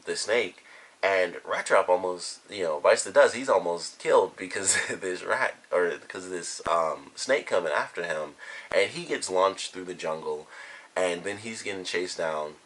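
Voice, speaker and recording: A man with a deep, somewhat husky voice talks through a cartoon episode in a relaxed, unscripted review. He retells scenes loosely, circling back on himself and leaning on fillers as he goes. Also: moderate pace. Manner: rambling, filler-heavy retelling. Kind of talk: casual spoken review.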